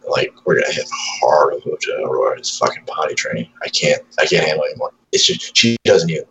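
A man's voice: very deep voice, big pitch swings, fast, creaky, a bit bright, a little hiss or hum, rough recording. A man in his thirties on casual chat, telling profane stories about his toddler and acting out her lines.

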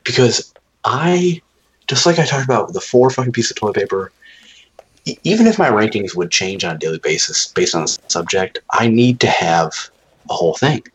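Low husky man, rambling and profane. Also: animated, normal speed, muffled recording. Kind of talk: casual chat.

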